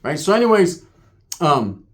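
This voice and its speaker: A man's voice: a little high, very animated, unhurried. Slangy, profane Californian man storyteller. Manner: profane, rambling, slang-heavy, acts out quoted voices. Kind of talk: casual street storytelling.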